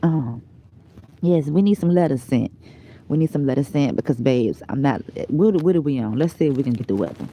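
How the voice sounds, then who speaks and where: A woman's voice: rumbling low, expressive, brisk, dark tone. A tired woman vlogger chatting casually to her viewers, rambling and drifting into whispers. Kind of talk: rambling casual live chat.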